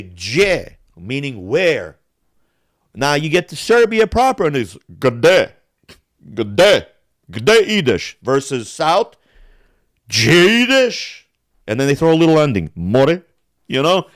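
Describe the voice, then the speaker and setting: A man tears through a casual podcast rant, heated and profane, breaking into mimicked accents along the way. His pitch swoops up and down with lively energy. The sound is dry and close, with no room around it. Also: no room sound. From Balkans. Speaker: podcast host.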